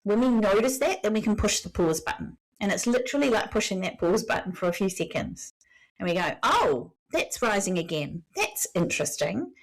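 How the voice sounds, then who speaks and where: A woman's voice: mid-range voice, brisk, low-quality recording. A woman leadership coach answering podcast questions in an earnest, explanatory way, repeating key phrases and speaking frankly. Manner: blunt, frank wording.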